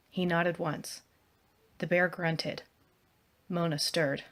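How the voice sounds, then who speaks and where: A woman, an author, narrating her own first-person adventure novel in a hushed, even storytelling manner. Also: fairly low pitch, slow pace.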